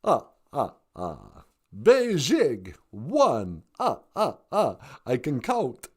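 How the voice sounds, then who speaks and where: A woman's voice: rumbling low, wildly swooping pitch, breathy edge, pitched below the performer's own voice, full character voice. The Count, as a woman puts him on. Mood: theatrical. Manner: dramatic drawn-out "ah, ah, ah" laughs. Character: theatrical male vampire who loves counting.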